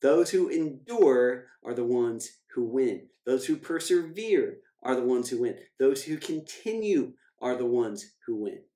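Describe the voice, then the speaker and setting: A man, a financial coach, giving an emphatic motivational scripture talk, repeating key phrases and slowing down to read verses. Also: mid-range voice, dark tone. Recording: echoey room.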